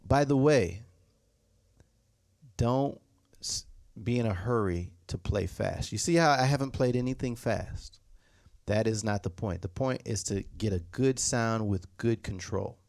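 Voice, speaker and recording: A man's voice: fairly low pitch, a little slow, darkish tone, dry recording, clean studio sound. A man teaching drum technique, patiently repeating points and singing rhythms as "da, da". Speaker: drum instructor. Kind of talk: instructional demonstration. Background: snare drum playing.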